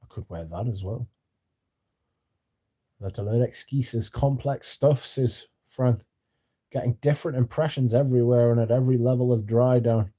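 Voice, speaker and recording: Brief: mellow-toned man hosting a livestream, chatty and sweary, reads chat aloud. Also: mid-range voice, moderate pace. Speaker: livestream host.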